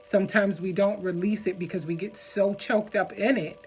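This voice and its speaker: A woman coach speaking earnestly and emotionally straight to the listener in a heartfelt talk, with soft music underneath. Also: medium pitch, fairly even intonation, moderate pace, rough recording. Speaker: healing coach. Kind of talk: heartfelt direct-to-camera talk.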